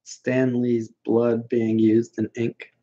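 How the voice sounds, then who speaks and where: A man's voice: mid-range voice, completely flat delivery, takes it slowly, warm tone, muffled recording. A man hosting a casual livestream and answering viewer questions in a blunt, dismissive way, rambling with many fillers.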